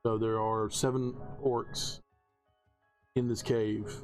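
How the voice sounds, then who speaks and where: A man's voice: fairly low pitch, level tone, slow, soft background music. Laid-back male game master. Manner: casual, hesitant with many fillers. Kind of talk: narrating a tabletop game.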